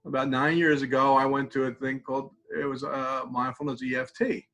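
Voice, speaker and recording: Man calmly guiding a tapping exercise. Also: medium pitch, brisk, rough recording. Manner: conversational, repeats phrases while demonstrating, drops to quiet murmurs. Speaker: mindfulness instructor.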